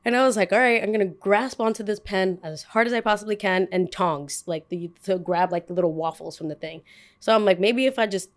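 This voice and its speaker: A woman's voice: mid-range voice, brisk. A young woman telling a story in casual chat, full of "like" and "um", acting out the people in it. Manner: chatty, dramatic, lots of "like" and "um".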